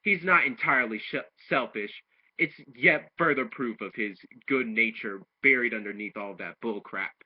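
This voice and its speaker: A man's voice: mid-range voice, moderate pace, slightly rough. A man casually recapping and reviewing an anime episode, rambling through the plot with restarts. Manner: rambling retelling with restarts, acting out quoted lines. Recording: dull lo-fi home recording.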